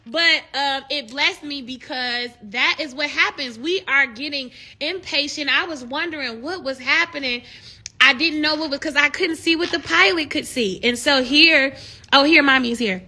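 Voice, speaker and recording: Speaking at a normal speed in a high-pitched voice, this woman talks casually to her live-stream audience. Her encouragement is lively and sermon-like, rising into excited shouts.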